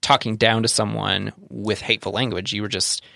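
A man's voice: fairly low pitch, steady tone, a little fast, gravelly, bright, forceful tone, dry recording, studio quality. A man in casual podcast chat who rambles and corrects himself as he makes his point. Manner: rambling, self-correcting, laughs a lot. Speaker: podcast co-host.

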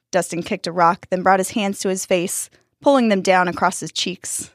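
A woman narrating a spooky children's story in a measured, expressive way. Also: lowish voice, no room sound, studio quality.

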